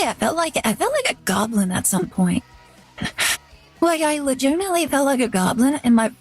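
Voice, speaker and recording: A young woman streaming live, chatting casually and rambling, with lots of "like" in her talk. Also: sits high. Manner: rambling, chatty, heavy use of "like". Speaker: VTuber streamer.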